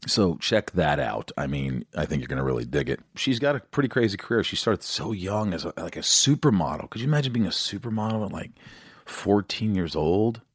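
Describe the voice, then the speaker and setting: Male podcast host, low-voiced, scattered and jokey, dry close mic. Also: lively intonation, brisk, slightly rough, dry recording. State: out of breath. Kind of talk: casual interview chat.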